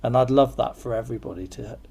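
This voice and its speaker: A man's voice: medium pitch, fast talker, vocal fry, a little mellow. A man hosting a podcast, chatting casually in an encouraging way and laughing often. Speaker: podcast host. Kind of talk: casual chat.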